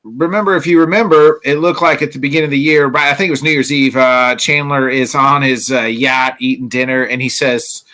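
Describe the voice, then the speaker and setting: Bright-voiced man hosting sports talk. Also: mid-range voice, fairly even intonation, a little fast, few pauses. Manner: rambling, filler-heavy. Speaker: podcast host. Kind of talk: casual solo sports talk.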